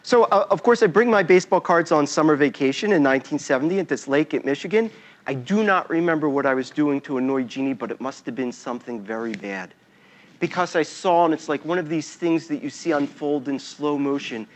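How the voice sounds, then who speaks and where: A man's voice: fairly high pitch, a little fast. A man giving a talk as a storyteller, acting out scenes and sounds as he goes. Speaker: invited speaker.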